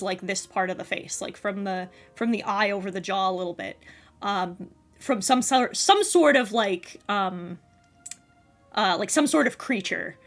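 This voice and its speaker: A woman's voice: medium pitch, fairly bright tone. A woman running a tabletop game as dungeon master, describing the scene in a rambling way. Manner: rambling, full of fillers and restarts.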